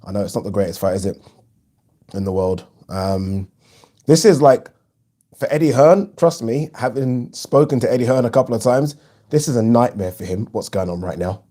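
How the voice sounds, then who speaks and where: A man hosts a live boxing watch-along, chatting frankly and casually as he reads viewers' comments. He's chatty, swears freely, and uses plenty of ums, speaking at normal speed in a mellow, medium-pitched voice.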